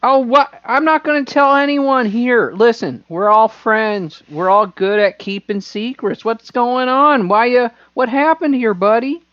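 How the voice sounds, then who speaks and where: A man's voice: very high voice, unhurried, few pauses, a bit bright, dry recording, muffled recording, voice pushed up. A man voicing a friendly dragonborn adventurer in a folksy, coaxing drawl, in a tabletop game played over voice chat. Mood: soothing.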